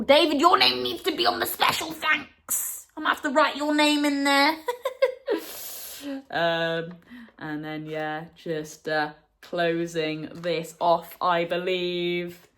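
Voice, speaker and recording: A young adult woman hosting a retro gaming vlog, talking to viewers in a heartfelt, chatty way, full of fillers and quick laughs. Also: fairly low pitch, a bit bright. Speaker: retro gaming channel host. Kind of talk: casual vlog chat to viewers.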